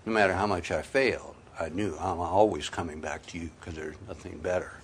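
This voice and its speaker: Lower-voiced man preaching a heartfelt sermon. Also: brisk, a little hiss or hum. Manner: swings from quiet, intimate asides to loud emphatic peaks; folksy, sprinkles in "you know" and "man". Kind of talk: sermon with personal testimony.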